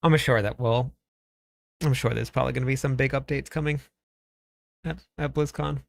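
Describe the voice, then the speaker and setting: A man's voice: medium pitch, normal speed, vocal fry, no echo. A man streaming a game, chatting casually, thinking aloud and talking to his chat. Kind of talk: casual live-stream commentary.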